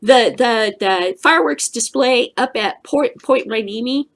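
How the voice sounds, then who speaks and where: A woman's voice: fairly high pitch, a little slow. A middle-aged woman hosting her own news vlog, ranting casually, swearing and laughing often. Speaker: host of a daily news vlog. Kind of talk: casual profane rant.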